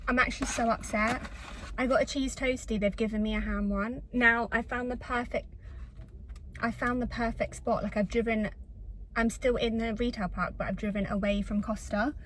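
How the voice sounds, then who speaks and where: A woman's voice: a little high, fairly even intonation, normal speed, a bit bright, a little hiss or hum, poor audio. Chatty woman vlogging from her car. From England. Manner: chatty, self-deprecating, rambling. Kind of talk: chatty shopping vlog. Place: in her car in a retail park.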